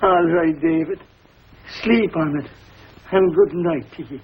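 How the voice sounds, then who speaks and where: An actor playing a lonely, warm-hearted older Irish tailor, with a husky voice and a lilting Irish brogue. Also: male voice, fairly high pitch, measured pace. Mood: wistful, coaxing. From Ireland. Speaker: visiting cousin, a tailor. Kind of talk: 1950s TV sitcom acting. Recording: dull lo-fi 1950s TV audio.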